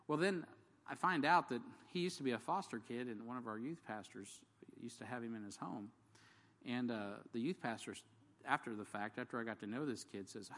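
A man's voice: mid-range voice, a bit bright. Rambling male storyteller in a reverberant hall. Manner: rambling, acts out dialogue in varied voices. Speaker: ministry worker. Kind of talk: casual testimony storytelling.

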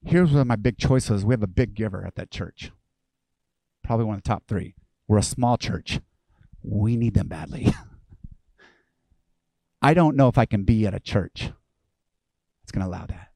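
A male pastor delivering a lively, conversational sermon, acting out the voices of people he quotes. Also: on the low side, a little slow, long pauses, no echo.

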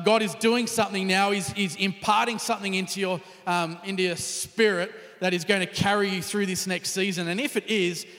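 A man's voice: high voice, fairly bright tone, big-room sound. A man preaching a conversational sermon, sometimes dropping to a near whisper. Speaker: pastor.

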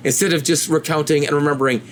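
A man's voice: fairly even intonation, quick pace. Earnest male preacher, faint hiss. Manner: earnest, rises high when voicing pleading questions to God. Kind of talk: sermon.

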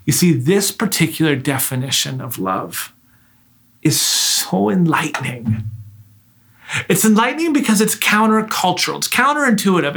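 A man's voice: high voice, a bit bright. A man preaching a sermon, earnest and direct, asking his listeners rhetorical questions.

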